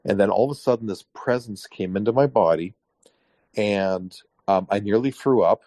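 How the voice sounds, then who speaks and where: Canadian guy telling his story on a podcast, lowish voice, dry mic, does little voices for the people in it. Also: moderate pace, no room sound. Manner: animated storyteller, acts out quoted voices. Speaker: guest. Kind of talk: casual interview storytelling.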